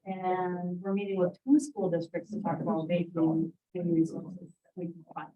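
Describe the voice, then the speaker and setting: A woman on staff giving program updates at a county meeting, halting with fillers. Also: lowish voice, level tone, phone-quality sound. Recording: distant mic in a meeting room.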